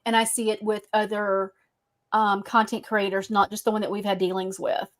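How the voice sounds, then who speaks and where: A woman's voice: mid-range voice, little pitch movement, moderate pace. A woman with a Southern, Cajun-tinged accent hosting a casual podcast chat, drawling and laughing often. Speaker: podcast host.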